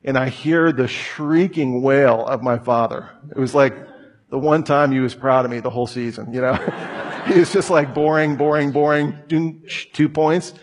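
A man's voice: mid-range voice, normal speed. Casual, chatty male pastor. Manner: casual, chatty, laughing asides. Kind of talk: sermon.

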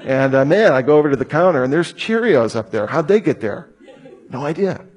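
A man's voice: fairly high pitch, lively intonation, brisk, a little mellow. A man in his thirties preaching a sermon in a casual, chatty way, with laughing asides. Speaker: pastor.

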